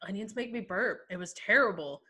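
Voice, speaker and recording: Bright-voiced young woman telling stories. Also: medium pitch, a little fast. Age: 20s. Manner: animated storyteller, laughs often. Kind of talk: casual chat.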